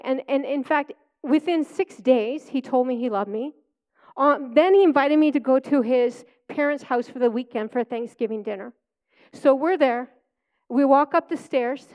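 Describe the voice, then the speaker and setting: High-voiced woman telling a testimony. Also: smooth, dull audio. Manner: chatty storytelling with frequent laughs. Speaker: preacher. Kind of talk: personal testimony sermon.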